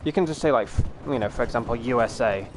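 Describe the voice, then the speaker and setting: British man, live streamer, casual chat, rambling, swears, medium pitch. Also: fast talker, noisy background. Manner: rambling, swears, laughs easily.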